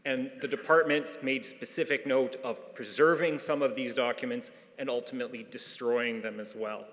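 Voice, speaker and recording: A man's voice: mid-range voice, steady tone, moderate pace, fairly bright tone. A man, a historian, giving a formal, earnest conference presentation with occasional restarts. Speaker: departmental historian. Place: large conference hall. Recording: long hall reverb.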